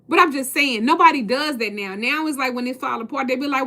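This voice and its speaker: A woman's voice: high voice, fast talker, few pauses, pushed and bright. A woman tarot reader and spiritual coach speaking casually and bluntly to her viewers, preaching and swearing freely.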